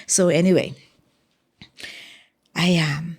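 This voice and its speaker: Bahamian woman with a gravelly, husky voice. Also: sits low, unhurried, pauses often. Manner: animated storyteller, acts out dialogue. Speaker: guest, former track athlete. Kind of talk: storytelling in a sit-down interview.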